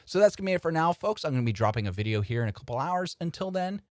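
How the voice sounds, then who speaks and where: A man's voice: on the high side, racing, no echo, studio quality. A man hosting a channel, giving casual political commentary and talking straight to his viewers as folks. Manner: animated and conversational, addressing viewers as folks.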